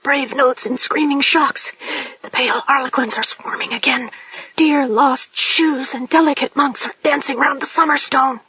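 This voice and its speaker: A male narrator voicing a restless teenage boy muttering gibberish in a breathy voice, as a whispered role-play. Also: very high voice, fairly even intonation, moderate pace, bright, forceful tone, no room sound, pitched above the performer's own voice. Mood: dreamy muttering. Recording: dull lo-fi dry audiobook recording.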